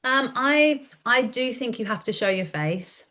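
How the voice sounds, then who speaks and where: Woman, 30s, chatty, animated, acts out dialogue, casual podcast interview. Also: fairly high pitch, measured pace. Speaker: content coach guest.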